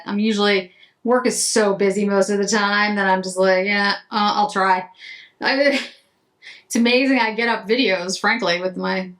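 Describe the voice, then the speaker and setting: A woman beauty vlogger with a mid-range, slightly bright voice chats casually to camera while doing her makeup. She's chatty and rambling, often breaking off mid-sentence.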